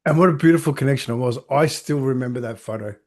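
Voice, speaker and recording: A man's voice: medium pitch, quick pace. A man hosting a casual chat, effusive and enthusiastic as he greets his guests. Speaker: host.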